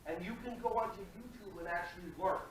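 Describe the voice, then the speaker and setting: A man gives a playful, energetic workshop talk to a room full of people and keeps speaking straight to them. He is picked up from a distance in a very echoey hall, with a faint hiss underneath. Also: high voice, fast. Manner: playful, energetic, jokey, addresses the room directly. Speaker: early childhood workshop presenter. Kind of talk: live workshop talk to an audience. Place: large room with a live audience. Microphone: distant from the microphone. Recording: very echoey room audio from far off, faint noise.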